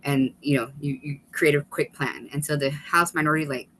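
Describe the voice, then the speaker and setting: A woman guest on a video call webinar, telling an animated story with quick asides and laughter. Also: low voice, a little hiss or hum, rough recording. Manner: animated, fast-paced storytelling with laughs and restarts. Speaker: guest, author and former state legislator.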